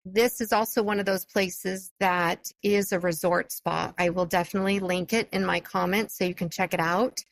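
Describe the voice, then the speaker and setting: A woman's voice: on the low side, steady tone, moderate pace, vocal fry, hardly any pauses, dry recording, poor audio. A woman hosting a solo podcast, telling a personal story in a chatty, enthusiastic way with frequent fillers. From California. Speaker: podcast host.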